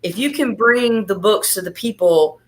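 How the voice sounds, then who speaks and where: A woman joins a casual online panel over a video call. Her voice sits at an ordinary middle pitch, and she rambles, stopping and restarting as she goes. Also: moderate pace. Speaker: panel guest.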